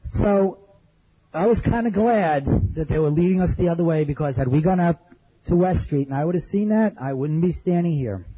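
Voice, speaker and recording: A man's voice: fairly high pitch, animated, normal speed, dark tone, husky, dull audio. A man telling an audience his survival story in plain, earnest words, repeating phrases as he remembers. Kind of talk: spoken testimony to an audience.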